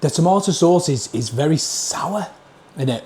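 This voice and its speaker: A man with a Northern English accent films a casual food review vlog, tasting dishes at a table into a camera mic. Blunt and plain-spoken, he scores each dish out of ten. His voice is fairly high, expressive, and dark in tone, at a normal speed.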